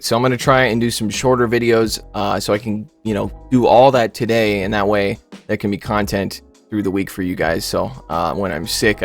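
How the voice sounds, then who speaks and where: Casual, rambling male gameplay commentator. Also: fairly low pitch. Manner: rambling, joking, many filler words. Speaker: gaming YouTuber.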